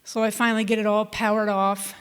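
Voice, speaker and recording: A woman farm manager telling a personal story on stage in a vivid, measured way. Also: mid-range voice, level tone, clear, resonant tone. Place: stage in a hall. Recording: long hall reverb.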